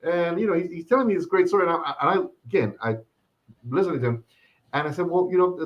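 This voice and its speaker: A man's voice: fairly high pitch, fast talker, highs cut off. A man co-hosting a podcast, telling a story in casual chat and acting out the quoted lines. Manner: animated storyteller who acts out quoted dialogue. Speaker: podcast co-host.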